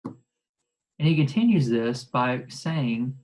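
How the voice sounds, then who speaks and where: A teacher giving a casual, animated recorded lecture, leaning on "like" and tossing in exasperated asides. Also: medium pitch, normal speed, vocal fry, rough recording. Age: adult. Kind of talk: recorded lecture explaining a play.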